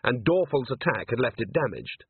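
A man narrating an audiobook in a lively, expressive manner. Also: medium pitch, moderate pace, slightly rough, no room sound. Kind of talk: audiobook reading. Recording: tinny phone-like sound, dry.

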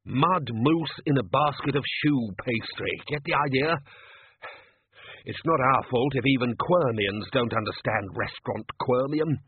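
A man plays a scheming restaurant manager at medium pitch, set a bit higher than his own voice yet close to how he'd normally speak. Quick and bossy, he orders the kitchen staff around; the tinny, dry, phone-like audio has slight background noise.

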